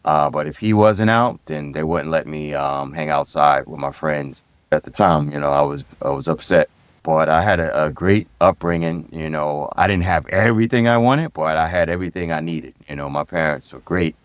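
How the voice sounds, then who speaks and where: A middle-aged man from Brooklyn with a New York accent, a guest telling relaxed stories about his upbringing in an interview. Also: rumbling low, normal speed, smooth, dry recording. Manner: easygoing, reflective, repeats phrases. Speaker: guest, retired police lieutenant and DJ. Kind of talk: casual interview storytelling.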